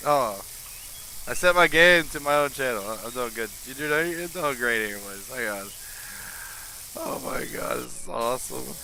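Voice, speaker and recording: A man streaming a game live, excitable and profane, laughing loudly and yelling at his character. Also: medium pitch, normal speed, vocal fry, slight background noise.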